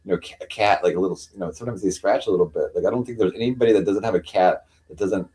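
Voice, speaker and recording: Male streamer, deep and warm, loose rambling talk, baby-talks his cats. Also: very fast. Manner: rambling, full of fillers, coos at his cats in a higher voice. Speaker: livestreamer. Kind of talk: casual live-stream chat.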